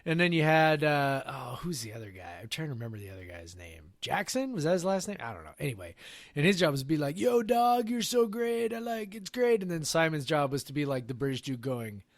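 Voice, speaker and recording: A man co-hosting a podcast, rambling in casual chat with many fillers and quick silly impressions. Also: medium pitch, lively intonation, no room sound. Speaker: podcast co-host.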